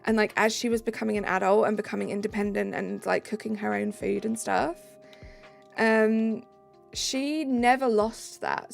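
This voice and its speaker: A woman's voice: medium pitch, vocal fry. A British woman streaming live, chatting casually and reading out viewer comments. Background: faint background music.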